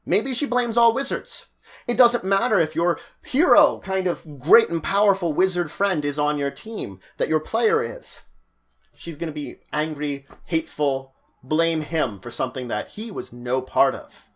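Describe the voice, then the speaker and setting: Animated man teaching game mastering. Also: on the high side, a little slow. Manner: animated, stop-start, emphatic. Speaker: dungeon master giving advice. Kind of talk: tutorial talk.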